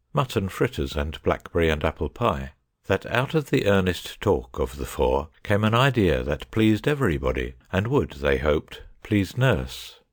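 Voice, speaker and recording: A man reading a children's story aloud in measured narration. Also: low-pitched, dry recording, studio quality. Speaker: audiobook narrator. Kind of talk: scripted narration.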